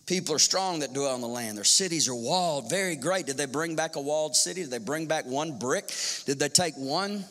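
A male pastor preaching a sermon in an animated style, firing off rhetorical questions and acting out quotes. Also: a little high, a little fast. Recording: long hall reverb.

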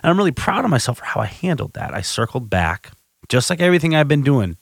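A man's voice: medium pitch, sing-song, quick pace, creaky, no echo. A man hosting a podcast, telling a personal recovery story in a candid, self-reflective way, often restarting his sentences. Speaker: podcast host.

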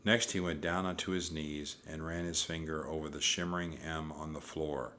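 Deep-voiced man narrating an audiobook. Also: steady tone, moderate pace, bright, forceful tone, slight background noise.

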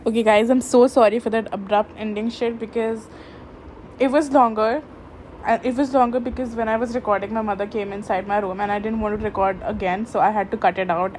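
A woman's voice: a little high, slight background noise. A young woman hosting a casual solo podcast from her bedroom, rambling with many fillers and frequent giggles. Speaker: podcast host.

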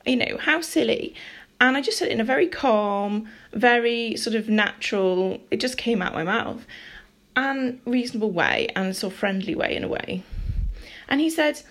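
Gravelly-voiced woman telling a story. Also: a little high, normal speed. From near Liverpool, England. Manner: rambling, animated, acts out dialogue. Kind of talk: casual personal storytelling.

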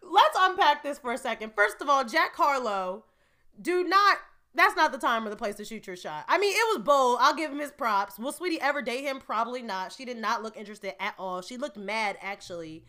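A woman's voice: fairly high pitch, animated, a little fast, pushed and bright. A woman vlogger giving a chatty, opinionated recap of an awards show, with laughing asides. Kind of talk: casual entertainment recap.

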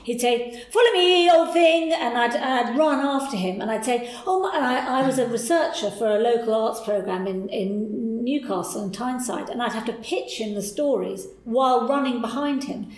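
A woman guest telling stories from her career in a lively, animated way. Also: on the high side, normal speed, hardly any pauses, echoey room, rough recording. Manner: lively, animated storyteller, voices people in quotes. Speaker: podcast guest. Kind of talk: candid interview storytelling.

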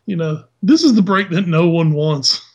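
A man's voice: on the high side, lively intonation, moderate pace, breathy edge. A man co-hosting a sports podcast, trading blunt, joking opinions in casual banter. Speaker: podcast co-host.

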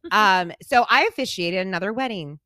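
A woman co-hosting a podcast, telling stories in an animated, laughing way. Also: medium pitch, moderate pace, no echo, clean studio sound. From United States. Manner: animated storyteller, laughs often. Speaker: podcast co-host. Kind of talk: casual chat.

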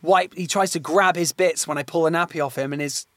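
A man's voice: on the high side, a little fast, a bit bright, dry recording. A young man co-hosting a podcast, chatting casually with rambling stories and easy laughs. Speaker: podcast co-host. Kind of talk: casual chat.

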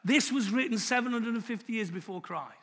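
A British man preaching a sermon, emphatic and swinging from quiet, low passages to loud, raised ones. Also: a little fast, breathy edge. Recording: long hall reverb.

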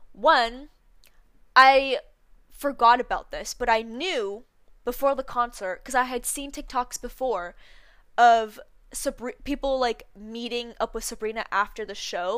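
Young woman podcast host, casual and chatty, bright-ish higher voice, dry close recording. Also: no room sound. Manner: chatty, lots of "like" fillers, upbeat storytelling. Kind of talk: casual chat.

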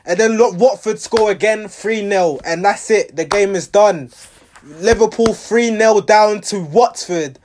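A man giving a rambling, exasperated reaction to his team's match, restarting his sentences often. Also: sits high. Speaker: football fan reviewing a match.

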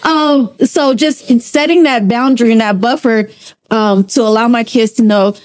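A woman's voice: a little high, steady tone, moderate pace, darkish tone, no echo, studio quality. Earnest woman in casual talk. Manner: earnest, laughs often. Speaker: podcast co-host. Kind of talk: casual group discussion.

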